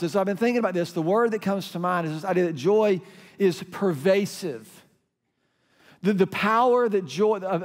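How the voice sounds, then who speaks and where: A man's voice: high voice, darkish tone. A middle-aged man, preaching a sermon as pastor and telling stories that lead into crowd call-and-response. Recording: hall reverb.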